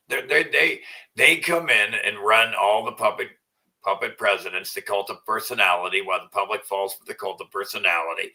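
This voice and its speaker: Low-voiced man, profane and rambling. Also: recorded from a distance, low-quality recording. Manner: profane, rambling, repeats himself; soft cooing baby talk to his dog. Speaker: vlogger. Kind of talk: casual rambling monologue.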